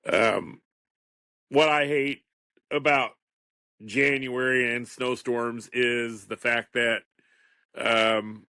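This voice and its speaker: A man's voice: medium pitch, steady tone, very slow, long pauses, bright, forceful tone, clean tone, no echo, studio quality. A man in his fifties, hosting a solo podcast in a rambling, chatty way and chuckling often. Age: 50s. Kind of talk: casual solo podcast monologue.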